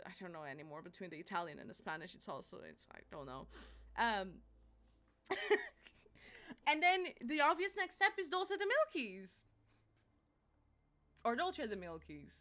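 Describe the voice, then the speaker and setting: A young woman streaming live, chatting casually and animatedly, laughing and apologizing a lot and squealing when excited. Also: a little high.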